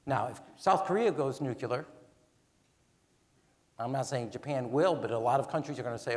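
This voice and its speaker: A man in his sixties, a former ambassador, speaking onstage in an animated, emphatic way and counting off his points. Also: mid-range voice, moderate pace. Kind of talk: onstage conversation. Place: large event hall. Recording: long hall reverb.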